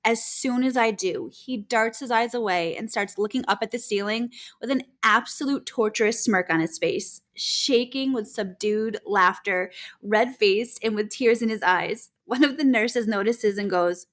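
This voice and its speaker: A woman in her thirties co-hosts a casual podcast and reads stories aloud. Her voice sits a little high. She is animated and quick to laugh, and she acts out the quoted lines. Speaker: podcast co-host, labor nurse.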